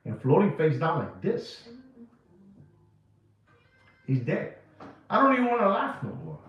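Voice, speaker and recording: A man's voice: on the high side, wildly swooping pitch, unhurried, fairly bright tone. A man from New York giving a watch market rant to camera in emphatic, repetitive, slangy sales patter. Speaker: watch dealer. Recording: echoey, distant, dull sound with music.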